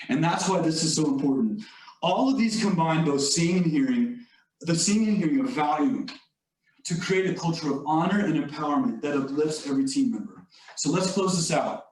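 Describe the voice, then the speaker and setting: A man's voice: a little high, darkish tone. A man giving a motivational leadership talk, telling a workplace story in a conversational way with many asides to the audience. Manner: storytelling, conversational with filler "like" and "you all". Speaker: leadership speaker. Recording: echoey room, distant mic.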